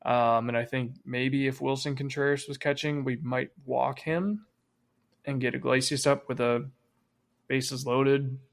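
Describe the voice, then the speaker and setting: A man co-hosts a sports podcast in relaxed, casual chat. His middle-pitched voice carries a gravelly edge, and he swears freely and trails off with fillers as he talks. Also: measured pace. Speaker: podcast co-host.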